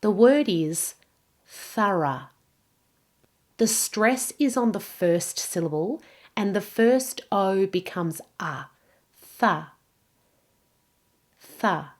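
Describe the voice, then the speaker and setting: Slow, careful woman pronunciation teacher. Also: mid-range voice, lively intonation. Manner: slow, careful modelling of words. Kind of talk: pronunciation lesson.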